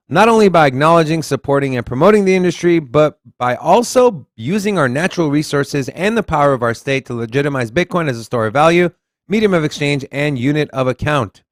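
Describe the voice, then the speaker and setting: A slightly high-pitched male voice with no room sound, recorded dry and close. He's a Texan podcast co-host with a Southern accent who reads crypto news headlines aloud and riffs on them. His delivery is animated, and he swears casually throughout the chat.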